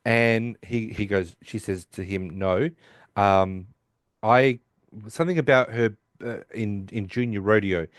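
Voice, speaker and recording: A man's voice: fairly low pitch, unhurried, no room sound, clean studio sound. A man hosting a podcast, casually recapping a sitcom episode and acting out the characters' lines as he goes. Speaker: podcast host.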